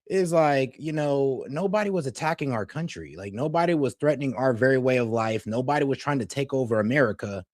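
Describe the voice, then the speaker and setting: A man's voice: medium pitch, brisk, few pauses, no room sound, clean studio sound. A man hosting a reaction video, talking in a slangy, conversational way and reasoning through his point aloud. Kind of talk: casual reaction commentary.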